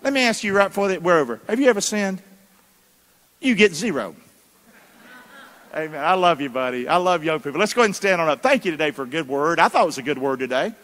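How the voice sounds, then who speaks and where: In a church sanctuary echoing with long hall reverb, a pastor preaches in a voice on the high side, slightly bright, with lively intonation and a quick pace. He asks the congregation to answer back, mixing emphatic, folksy delivery with colloquial asides.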